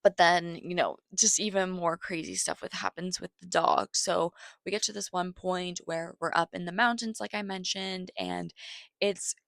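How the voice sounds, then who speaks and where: A woman's voice: fairly low pitch, steady tone, moderate pace, gravelly, a bit bright, no echo. A woman giving a casual spoken film review, chatty and swearing freely, getting worked up as she retells tense scenes.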